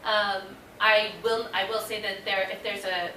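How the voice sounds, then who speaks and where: A woman in her thirties with a slight twang, answering audience questions at a convention panel with lots of fillers and animated storytelling. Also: medium pitch, measured pace, far from the mic, a little hiss or hum. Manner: chatty, many fillers, animated retelling. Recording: echoey room recorded from afar.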